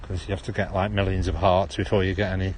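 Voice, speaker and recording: Man, Stoke-on-Trent accent, low-ish voice, loose rambling walk-and-talk livestream, phone mic outdoors. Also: flat delivery, fast, a little mellow, a little hiss or hum. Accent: Stoke-on-Trent (Potteries). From Stoke-on-Trent, England. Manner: rambling, chatty, drops H's. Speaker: livestream host. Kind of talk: casual walking livestream. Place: outdoor town park. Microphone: handheld phone.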